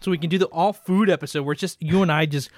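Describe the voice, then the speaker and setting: A man hosting a casual podcast, excitable and joking, laughing and swearing while eating. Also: on the high side, racing, a little hiss or hum. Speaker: podcast host.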